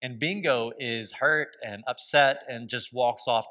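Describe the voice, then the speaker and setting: A man's voice: mid-range voice, unhurried, pushed and bright. A man preaching a sermon as pastor, telling stories with a conversational, humorous manner.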